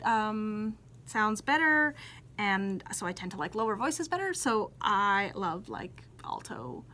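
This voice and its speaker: A woman co-hosting a casual knitting podcast, talking in a relaxed, hesitant way with many fillers. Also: mid-range voice, takes it slowly, slight background noise. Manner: chatty, hesitant with lots of ums. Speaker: podcast co-host. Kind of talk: casual chat.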